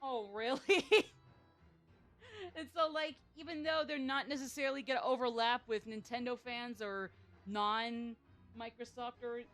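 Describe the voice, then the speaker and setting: A woman's voice: a little high, steady tone, measured pace, fairly bright tone, faint music behind. A woman streamer chatting casually while playing a game, chatty and self-deprecating. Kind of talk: casual gaming stream chat.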